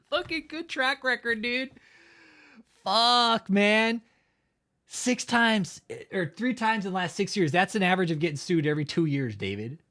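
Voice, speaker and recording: A man's voice: high-pitched, sing-song, a little slow, pauses often, bright, forceful tone. A man hosting a livestream, chatting casually and reading out viewer comments in a profane, mocking way, laughing often. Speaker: livestream host.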